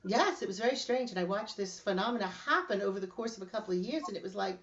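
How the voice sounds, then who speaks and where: A middle-aged woman hosting a casual podcast chat, telling animated stories and laughing often. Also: mid-range voice, fast, muffled recording. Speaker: podcast host.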